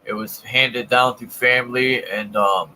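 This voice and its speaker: Man, casual blunt talker, bright tone, faint background noise. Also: medium pitch, fairly even intonation, unhurried, rough recording. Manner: blunt and profane, tells work stories. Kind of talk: casual chat.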